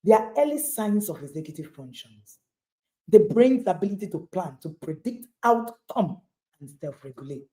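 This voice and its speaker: A middle-aged woman with a Nigerian accent speaks to parents in an emphatic, motivational talk. Her pitch rises and falls with great liveliness, and her tone is mellow and warm rather than bright. She repeats key lines for stress and speaks straight to her listeners. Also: big pitch swings, normal speed.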